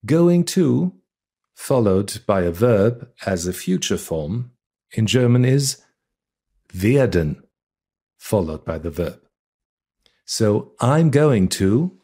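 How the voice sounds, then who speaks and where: A man teaching a beginner language lesson, reading example words and sentences one at a time in a deliberate, scripted way. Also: mid-range voice, mellow, husky.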